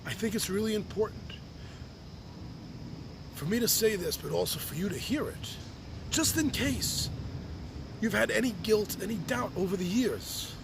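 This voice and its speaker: A man's voice: high-pitched, moderate pace, vocal fry, background noise. A man speaking a heartfelt open letter on his podcast, reflective and earnest, sometimes restarting his sentences. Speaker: podcast host writing to his birth mother. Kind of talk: personal open-letter monologue.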